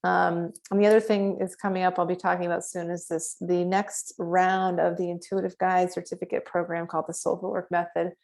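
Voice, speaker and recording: A middle-aged woman, a meditation guide, chatting casually to her viewers with fillers and quick bursts. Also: lowish voice, flat delivery, vocal fry, darkish tone.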